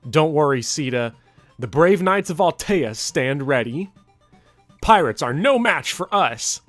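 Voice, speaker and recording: A man's voice: on the high side, animated, a little slow, a bit bright, no echo, soft background music. A man reading as a brave young prince. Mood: reassuring.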